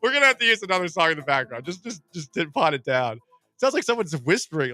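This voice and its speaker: A man hosting a sports radio show, animated and jokey, reading listener comments aloud in casual chat. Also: on the high side, fast, no room sound, clean studio sound.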